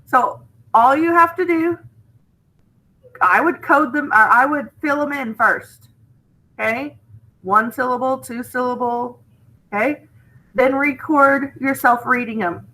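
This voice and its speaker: A woman teacher walks through a phonics lesson at an unhurried pace. Her voice sits high and sounds bright and clear, and she keeps checking in with students in a chatty, encouraging manner. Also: rough recording.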